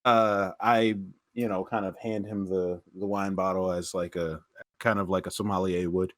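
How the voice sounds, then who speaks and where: A man playing a tabletop game, speaking in a hesitant, halting way. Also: sits low, flat delivery, a bit bright, no room sound. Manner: hesitant, halting, many fillers. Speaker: player. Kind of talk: tabletop role-play.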